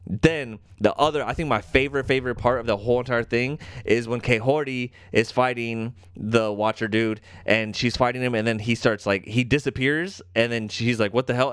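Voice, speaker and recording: Excited, swearing young podcast host. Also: male voice, mid-range voice, moderate pace, hardly any pauses, clear, resonant tone, no echo, studio quality. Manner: excited, profane episode recap. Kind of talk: casual chat.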